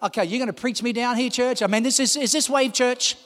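High-voiced impassioned pastor in a reverberant hall. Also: male voice, brisk. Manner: impassioned, rising to shouts, calls to the congregation. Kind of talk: sermon. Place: large church hall.

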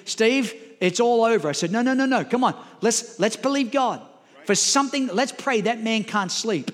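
A man preaches a sermon, acting out a story with mounting energy. His voice sits very high for a man. The sound rings out in a reverberant hall with a long tail. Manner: animated storyteller, voice climbs and gets louder as the story builds. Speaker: pastor.

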